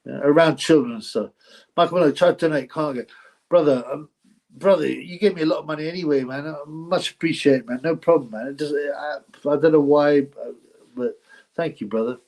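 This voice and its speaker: A man's voice: on the high side, brisk, darkish tone. Rambling man on a live stream. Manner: rambling, repeats phrases, effusively thanks donors. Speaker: livestream host reading donations. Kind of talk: casual live-stream chat.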